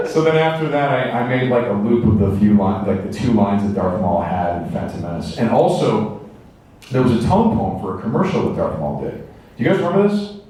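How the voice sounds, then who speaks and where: A man answering fan questions at a convention, telling lively anecdotes and acting out quotes. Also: medium pitch, fairly quick, far from the mic. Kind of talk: animated storytelling to an audience. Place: large convention hall. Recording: echoey convention hall from afar.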